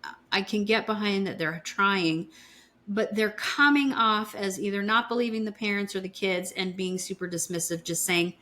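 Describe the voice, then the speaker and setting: A woman's voice: mid-range voice, moderate pace, bright, forceful tone. A woman in her fifties, co-hosting a podcast, retelling a true-crime story in a blunt, indignant way and swearing freely. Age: 50s. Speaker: podcast co-host.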